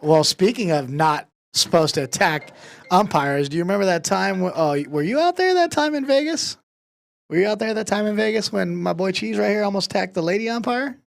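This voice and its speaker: Animated young man telling a story. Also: sits high, fairly quick, vocal fry. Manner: animated, swearing, says "dude" constantly. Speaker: podcast host. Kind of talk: casual storytelling.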